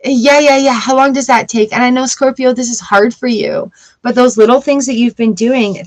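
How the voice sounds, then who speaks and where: A woman's voice: a little high, steady tone, normal speed, low-quality recording. A woman reading tarot cards for a live audience, chatty and upbeat, greeting viewers by name between cards. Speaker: tarot reader.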